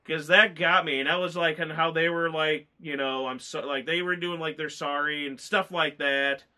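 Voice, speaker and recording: A man's voice: fairly high pitch, fairly even intonation, normal speed, sharp tone. A man chatting casually as a movie reviewer, rambling and emotional, choked up and tearful as he talks. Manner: rambling, emotional, lots of fillers. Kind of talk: casual chat.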